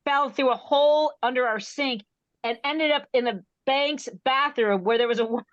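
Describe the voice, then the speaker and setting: A woman comic tells a story on a video call, her voice a touch high and recorded close and dry. She keeps interrupting herself, restarting sentences and chuckling at her own punchlines. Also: moderate pace, dry recording, muffled recording. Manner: rambling, self-interrupting, laughing at her own jokes. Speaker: stand-up comedian.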